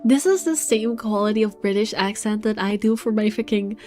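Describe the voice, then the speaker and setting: A woman streams a game, chatting casually with frequent laughs and the odd swear word. Her voice is mellow and relaxed, with faint music underneath. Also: medium pitch, normal speed. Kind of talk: live game commentary and read-aloud.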